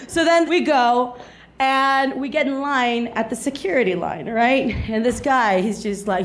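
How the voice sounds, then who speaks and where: A woman in her thirties from South Texas performing a stand-up set, telling a story with animated delivery and acting out the people in it. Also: sits high, measured pace. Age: 30s. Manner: animated storytelling, acts out voices, laughs along. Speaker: stand-up comedian.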